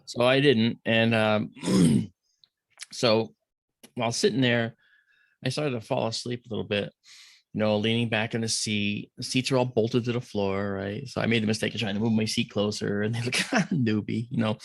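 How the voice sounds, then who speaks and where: A man's voice: lowish voice, steady tone, moderate pace, vocal fry, no room sound. A middle-aged man as a podcast guest, telling a story in casual conversation and acting out the voices of the people in it.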